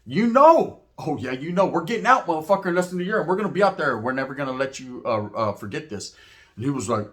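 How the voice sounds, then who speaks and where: A man from Merced telling a story in casual talk, slangy and animated, acting out the people in it. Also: a little high, fast talker. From Merced, California. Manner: slangy, animated, acts out quotes in voices.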